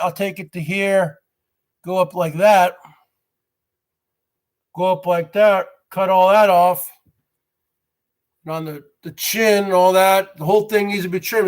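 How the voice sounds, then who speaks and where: A man in his forties hosting his own vlog, rambling straight to his viewers and calling them folks. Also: high voice. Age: 40s. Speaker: show host.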